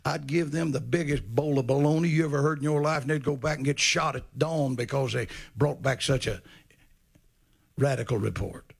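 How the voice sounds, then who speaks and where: A man's voice: mid-range voice, normal speed, creaky, slightly rough. A man preaching a sermon in a folksy, storytelling way with humor.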